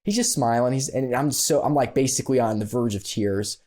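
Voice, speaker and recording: A man on a podcast, relaxed and mellow in tone, recounting a story at an easy middle pitch. He is animated and self-deprecating, and he fills his sentences with casual "ums" and "you knows.". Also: a little fast. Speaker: podcast guest, business consultant. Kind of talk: conversational storytelling.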